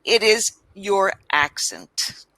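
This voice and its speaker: Slow-spoken, bright-voiced woman tutor. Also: medium pitch, big pitch swings, dry recording. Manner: patient, encouraging, slow careful enunciation. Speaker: English tutor. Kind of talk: online one-on-one language lesson. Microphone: video call.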